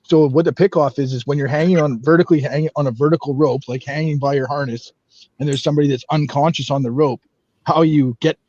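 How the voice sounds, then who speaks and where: A man's voice: a little high, steady tone, fast talker, a little mellow, no room sound, dull audio. A man telling a story in casual, profane podcast chat, rambling and swearing freely. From Canada.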